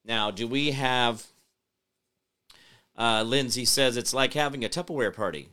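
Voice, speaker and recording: A man's voice: mid-range voice, measured pace, long pauses, pushed and bright, clear, resonant tone. A man hosting a casual commentary show, rambling and talking straight to his listeners. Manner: rambling, talks to his audience directly. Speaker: host.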